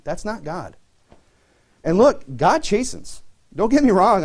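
A man's voice: mid-range voice, darkish tone. A man in his thirties preaching a sermon in a casual, conversational way, full of fillers and restarts. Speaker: pastor.

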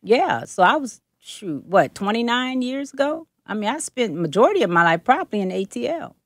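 A woman's voice: fairly high pitch, very animated, normal speed, no echo, clean studio sound. A woman from the Bay Area with a Southern Atlanta twang, a prophetess guest speaking emphatically and preacherly, repeating her phrases. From Oakland and Berkeley, California. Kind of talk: casual interview talk.

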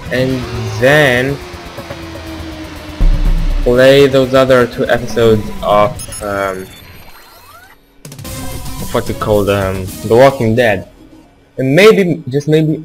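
A man talks through his game at a slow, easy pace, musing aloud and thinking as he plays. Setbacks bring sudden exclaims before he settles back into chat. Game music plays clearly behind him. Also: mid-range voice, rough recording. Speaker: gamer playing through an action game. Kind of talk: casual let's-play commentary.

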